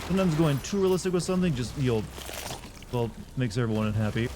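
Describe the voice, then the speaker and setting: A man's voice: mid-range voice, lively intonation, fast, background noise. A man streaming a game live, chatting casually with his viewers in a sleepy, rambling way and often breaking off mid-sentence. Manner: rambling, self-interrupting, chatty. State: sleepy, yawning.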